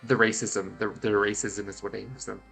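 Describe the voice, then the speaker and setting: A man's voice: fairly low pitch, little pitch movement, moderate pace, gravelly, a bit bright, faint music behind. A Scottish man streaming a game, stuffed up, making joking asides that trail off and restart. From Scotland. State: congested. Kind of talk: casual gameplay commentary.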